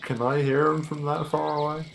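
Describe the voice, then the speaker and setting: A man's voice: a little high, flat delivery, moderate pace, vocal fry, slight background noise, poor audio. Quizzical, joking male player. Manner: quizzical, joking, laid-back. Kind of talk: casual tabletop chat.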